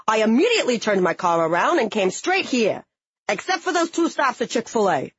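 A woman's voice: a little high, sing-song, fairly quick, husky, no echo, lo-fi sound. A woman voicing a hammy man who plays a detective at a murder-mystery party, with a put-on New York accent and a theatrical, self-important delivery. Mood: grandstanding.

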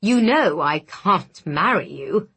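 An ardent, careless young gentleman as a woman reader voices him, murmuring low and husky. He speaks slowly and breathily, with intimate closeness. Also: expressive, heavily acted. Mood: flustered.

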